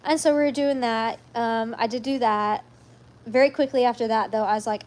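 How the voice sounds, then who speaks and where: A woman's voice: fairly high pitch, fairly quick. A woman hosting a casual live stream, chatting in a rambling way with sassy asides.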